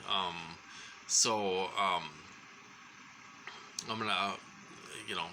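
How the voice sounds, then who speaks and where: A man telling a rambling personal story to the camera, halting and full of ums and restarts. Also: low-pitched, steady tone, pushed and bright, a little hiss or hum, low-quality recording. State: short of breath at times.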